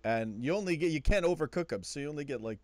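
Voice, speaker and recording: A man's voice: a little high, expressive, fast talker, dry recording. A man hosting a live call-in fan show, chatting casually and laughing often at his desk at home. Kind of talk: casual late-night live stream chat.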